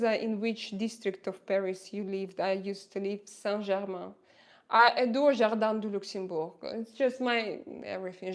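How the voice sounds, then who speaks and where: Speaking in a mid-range voice, a Russian-accented woman hosts a casual livestream. She chats, reads viewer comments aloud and answers them, laughing frequently.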